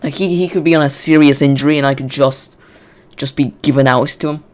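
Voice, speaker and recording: Excitable man hosting a match watch-along. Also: a little high, brisk. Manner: excitable, chatty, rambling with restarts. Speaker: live watch-along host. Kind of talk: live football watch-along commentary.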